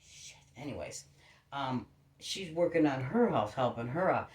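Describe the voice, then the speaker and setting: A woman's voice: rumbling low, measured pace, echoey room. A woman telling a long, rambling story about her neighbors in casual chat, swearing freely. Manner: rambling, profane, animated storytelling.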